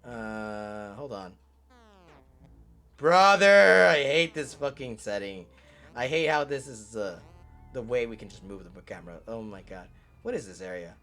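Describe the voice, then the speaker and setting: A man's voice: mid-range voice, animated, unhurried, fairly bright tone, soft background music. A man giving casual gameplay commentary, rambling, swearing and laughing as he plays. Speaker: let's play host.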